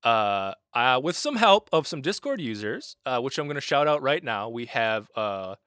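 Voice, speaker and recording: A man's voice: medium pitch, moderate pace, clean tone, no room sound, clean studio sound. Man narrating as game master. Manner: relaxed, filler-heavy narration. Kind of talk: narrating a tabletop role-playing game.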